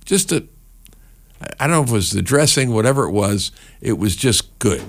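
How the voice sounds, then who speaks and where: A middle-aged New Jersey man hosts a radio show, his fairly low voice animated and moving at a moderate pace. He chats casually and rambles between songs, using lots of fillers.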